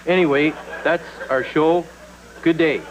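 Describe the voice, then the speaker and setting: An actor with a Canadian accent playing a goofy host of a small talk show who rambles with lots of "like" and "eh". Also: male voice, fairly high pitch, steady tone, measured pace, heavy background noise, close to an everyday voice. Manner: giggly, rambling, filler-heavy.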